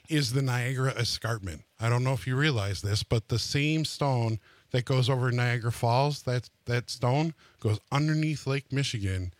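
A man's voice: medium pitch, no echo. A man hosting a radio show, explaining things in a rambling, casual way.

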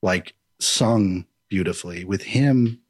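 A man's voice: deep voice, slow, darkish tone. A man hosting a casual chat, rambling and jokey, who slips into impressions.

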